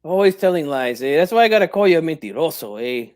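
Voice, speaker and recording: A man's voice: fairly high pitch, animated, fast, close to an everyday voice. Man doing a tipsy bragging boxing dad. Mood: wounded, tipsy. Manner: tags nearly every phrase with "eh?", drops Spanish slang. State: drinking, tipsy. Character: boastful tipsy older boxing dad, proud and touchy. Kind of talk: comic impression.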